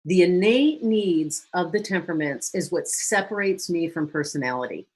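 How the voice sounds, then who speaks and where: A woman counselor giving a lively teaching talk to a church audience, briefly acting out quoted phrases. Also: on the low side, moderate pace, slightly rough. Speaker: guest speaker and counselor.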